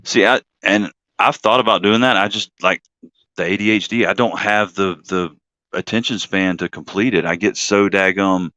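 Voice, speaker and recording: A man hosts a casual live-stream chat in a bright, forceful voice that sits slightly low. He rambles, drifts off topic, laughs at himself often, and sounds close and dry. The stream audio is dull and lo-fi. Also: fairly even intonation, moderate pace, no room sound. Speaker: host.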